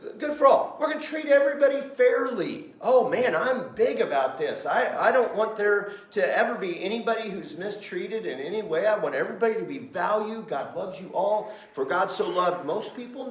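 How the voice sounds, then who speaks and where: A middle-aged male pastor teaching a Sunday School class in a lively, conversational way, often putting questions to the class. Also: sits high. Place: church classroom. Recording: roomy echo.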